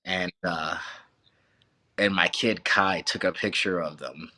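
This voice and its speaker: A man, a wrestling coach, telling stories as a podcast guest in an animated, profane way, often saying "bro". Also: deep voice, slow pace. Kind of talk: casual storytelling.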